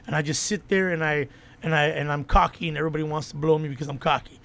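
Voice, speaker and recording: A brash male comedian with a high voice and a gravelly edge. He talks in a casual podcast chat, swearing a lot as he cuts in and tells club stories. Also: steady tone, quick pace, a bit bright. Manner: brash, swearing storyteller who jumps in over others. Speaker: stand-up comedian and show host.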